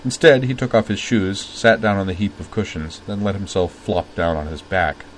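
A man narrating a story aloud at a measured, steady pace. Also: sits low, a little hiss or hum, rough recording.

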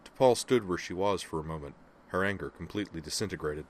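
A man narrating fiction aloud in a steady, even storytelling manner. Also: deep voice, brisk. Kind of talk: audiobook fiction reading.

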